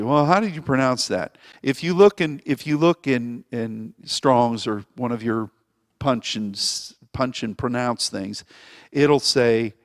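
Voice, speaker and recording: A man's voice: mid-range voice, dry recording, studio quality, big-room sound. A man preaching a sermon as pastor, rambling and anecdotal, often restarting his phrases. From Springfield, Missouri.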